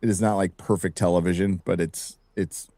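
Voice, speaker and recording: A man in a casual livestream conversation, hedging and restarting as he gives his opinion. His voice is low and sounds close and dry. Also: fairly even intonation, fairly quick, dark tone, dry recording. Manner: hesitant, restarting sentences.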